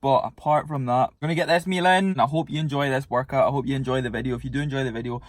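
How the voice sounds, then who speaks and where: Young male fitness vlogger; casual, blunt, sweary; medium pitch, dry room. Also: fairly even intonation, very fast, no room sound. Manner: laid-back, swears freely. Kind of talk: casual vlog chat.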